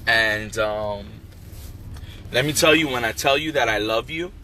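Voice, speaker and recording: A man who owns a restaurant, talking casually and warmly to his followers, encouraging them with lots of fillers. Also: medium pitch, a little slow, a little hiss or hum. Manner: heartfelt, encouraging, many fillers. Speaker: restaurant owner. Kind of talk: casual motivational vlog. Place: in a car, then a wholesale store.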